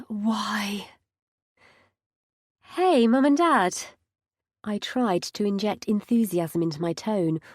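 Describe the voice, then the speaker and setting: A woman's voice: mid-range voice, dark tone, no room sound. A woman narrating a first-person audiobook with wry, dry humour.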